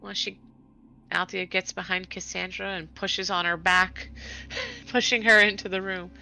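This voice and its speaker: Female player, bright tone, lively giggly narration, faint music behind. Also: medium pitch, gravelly, low-quality recording. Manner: lively and giggly, quick asides. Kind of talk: describing a character's actions in a tabletop game.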